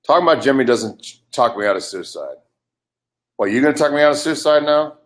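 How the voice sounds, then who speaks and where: A man's voice: medium pitch, animated, a little fast. An older man in a heated live webcast argument, ranting in an agitated, profane way. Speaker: livestream participant.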